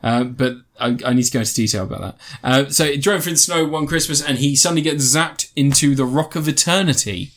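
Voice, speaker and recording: A man's voice: medium pitch, a little fast, hardly any pauses, a bit bright. A man co-hosting a casual podcast and reviewing films, rambling and cutting himself off with crude jokes. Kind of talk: casual chat, film review.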